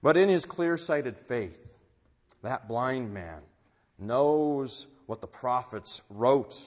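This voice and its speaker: A man preaching a sermon in an earnest, unhurried way, rising in force on key phrases. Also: mid-range voice. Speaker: pastor. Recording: dull sound with long church reverb.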